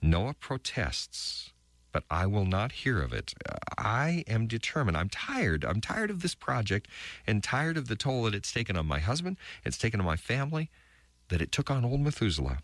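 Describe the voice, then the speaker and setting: A man's voice: fairly low pitch, very animated, a bit bright, dry recording, heavily acted. Guy reading as a worn-out frustrated ark builder's wife, stammery diary voice swinging all over, dry close sound. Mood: exhausted. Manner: emotional, halting diary reading with stammered restarts. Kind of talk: dramatic reading of diary entries.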